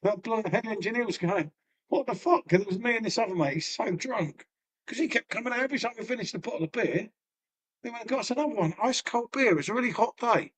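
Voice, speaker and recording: A man's voice: high-pitched, fast, fairly bright tone, husky. A middle-aged man, chatting casually and rambling to his live-stream viewers, swearing and laughing often.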